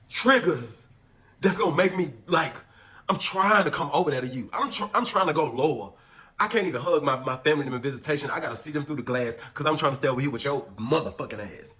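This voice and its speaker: A man telling a story in a casual, animated and heavily profane way, acting out what others said. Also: on the high side, fairly quick. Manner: animated, profane, acts out quotes. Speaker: storyteller in a clip.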